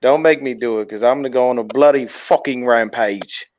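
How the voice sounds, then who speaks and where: A former football player guesting on a sports podcast, a playful, animated man. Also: mid-range voice, a little fast, heavy background noise. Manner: animated, playful, laughs easily. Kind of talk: casual sports podcast chat. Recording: dull, dry remote audio.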